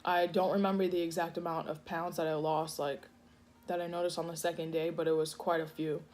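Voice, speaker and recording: A woman's voice: fairly low pitch, little pitch movement, brisk, a little mellow, slight background noise. A woman vlogger chatting casually while eating at home, rambling with many fillers and restarts. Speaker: food vlogger. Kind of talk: casual eating vlog chat. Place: home kitchen.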